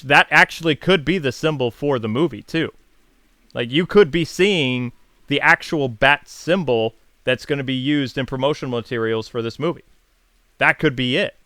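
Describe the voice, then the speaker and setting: A man's voice: mid-range voice, sharp tone, no room sound. A man hosting a casual video channel, chatting enthusiastically and answering viewer questions with frequent fillers and self-corrections. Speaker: YouTube host.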